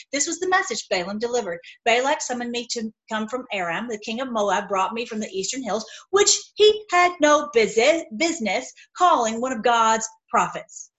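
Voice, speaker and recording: A woman's voice: fairly high pitch, expressive, a little fast, hardly any pauses, fairly bright tone, low-quality recording. A woman reading Bible passages aloud and breaking off into fervent, rambling commentary. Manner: fervent, rambling asides, says y'all. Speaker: online Bible teacher.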